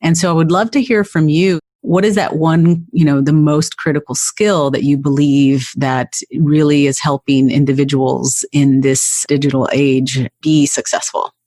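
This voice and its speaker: A woman hosting an interview podcast, asking long questions in a measured, encouraging way. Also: deep voice, steady tone, mellow, no room sound, studio quality. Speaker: podcast host.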